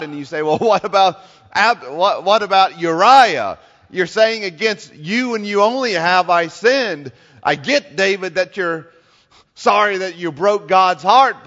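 Man, sermon, slow deliberate delivery, fairly high voice, long hall reverb, dull sound. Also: fairly bright tone. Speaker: pastor.

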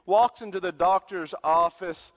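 A man preaching a sermon in a lively style, swinging from loud bursts to quiet asides, from the American South. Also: high voice, measured pace, long reverb tail, highs cut off. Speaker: pastor.

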